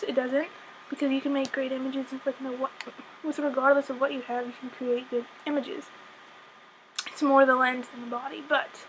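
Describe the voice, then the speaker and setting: A young woman with a high voice chats through a home unboxing, self-deprecating and excitable. She sounds teary, near crying. Steady noise sits behind her on the camera mic. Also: low-quality recording. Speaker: vlogger. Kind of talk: casual unboxing vlog.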